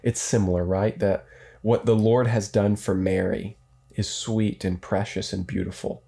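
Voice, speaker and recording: Male priest co-host, low mellow voice, playful podcast banter, measured prayer reading. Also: fairly even intonation, gravelly. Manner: playful, reads prayers aloud in a slow measured cadence. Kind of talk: casual religious podcast chat.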